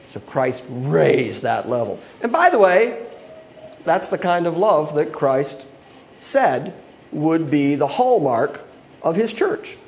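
A man's voice: fairly high pitch, big pitch swings, slow pace, gravelly, a little hiss or hum. A male pastor preaching an expository sermon, acting out quoted voices and laughing often.

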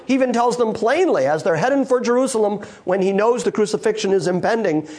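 A man's voice: sits high, animated, fast, darkish tone. A man preaching a sermon to a live congregation, emphatic and full of rhetorical questions put to the listeners. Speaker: pastor.

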